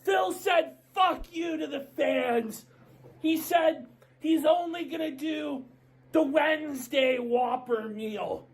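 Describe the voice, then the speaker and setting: A woman ranting in a commentary video, shouting in profane mock outrage. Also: high voice, slow, creaky.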